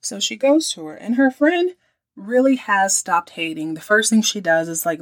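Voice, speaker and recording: A woman's voice: medium pitch, moderate pace. A woman hosting a podcast, recapping an episode in a chatty, slangy, amused way. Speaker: podcast host.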